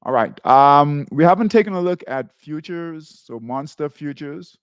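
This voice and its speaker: A man's voice: on the high side, lively intonation, unhurried, smooth, no room sound. A man hosting a live trading show, talking viewers through charts and checking in with "right?" and "okay?". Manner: repeats tags like "right?" and "okay?" while pointing at charts.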